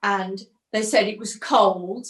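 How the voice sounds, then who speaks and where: A woman's voice: mid-range voice, fairly even intonation, slow pace, a bit bright, roomy sound. An older woman with an English accent, chatting genteelly as co-host. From England. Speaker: co-host, host's mother.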